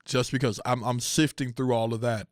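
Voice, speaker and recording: Young man, content creator, venting hard and cursing, dry close mic, mid pitch. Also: steady tone, normal speed, dry recording. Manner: heated, profane, repeats phrases, rising to near shouting. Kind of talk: emotional casual rant.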